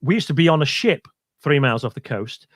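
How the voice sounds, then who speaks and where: A man's voice: a little high, animated, brisk, no echo, clean studio sound. A middle-aged man, a radio presenter, casually telling an anecdote on a quiz stream and acting out the voices in it. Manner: chatty storyteller, acts out voices in his anecdotes.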